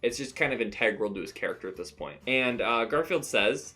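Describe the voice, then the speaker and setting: A man's voice: mid-range voice, lively intonation, a little fast, few pauses, pushed and bright, soft background music. Man with mock-earnest, ironic delivery. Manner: ironic, mock-earnest, laughs at own jokes. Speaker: comic recap host. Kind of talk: mock-serious comic commentary. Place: home room.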